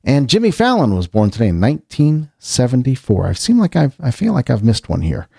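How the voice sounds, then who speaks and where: A man's voice: mid-range voice, huge pitch swings, brisk, vocal fry, warm tone, slightly rough, no room sound, clean studio sound. A man hosting a casual solo show, chatting in a rambling way with frequent restarts and asides. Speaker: podcast host.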